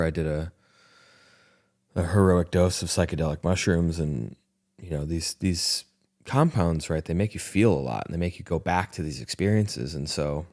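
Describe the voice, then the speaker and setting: Male podcast host with a very deep voice, earnest and reflective storyteller, often restarts his sentences. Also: darkish tone. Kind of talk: candid conversation.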